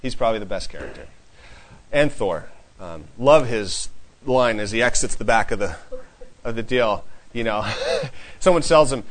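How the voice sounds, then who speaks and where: A man teaching a casual Bible class to a small group, reading scripture slowly and then talking it through in a conversational way with frequent chuckles. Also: lowish voice, low-quality recording.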